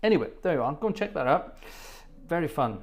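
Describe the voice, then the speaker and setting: A man's voice: a little high, sing-song, fast. A middle-aged man hosting a live music stream, jovially rambling and joking as he reads out viewers' names from the chat. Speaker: live stream host and organist. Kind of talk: chatty live stream banter. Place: home studio.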